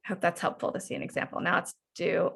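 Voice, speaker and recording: Bright-voiced woman coach on a video call. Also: lowish voice, fast, gravelly, slightly rough. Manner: animated, frequently acts out parent and child lines. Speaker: parenting coach leading a workshop. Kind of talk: online workshop teaching.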